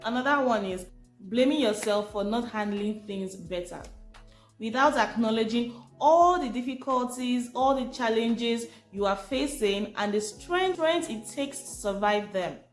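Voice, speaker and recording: Speaking unhurriedly in a fairly high voice, a female presenter gives a relaxed teaching talk and asks rhetorical questions of her listeners. Faint music and echo fill the room.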